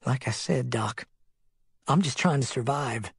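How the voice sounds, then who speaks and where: A man's voice: medium pitch, unhurried, creaky, breathy edge, no room sound, heavily acted. A man voicing a wary young woman survivor who talks tersely and defensively.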